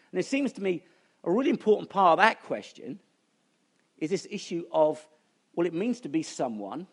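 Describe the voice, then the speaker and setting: This middle-aged conference speaker has a fairly high voice with vocal fry. He delivers a humorous, sermon-style talk to a church gathering, chatting through self-deprecating stories.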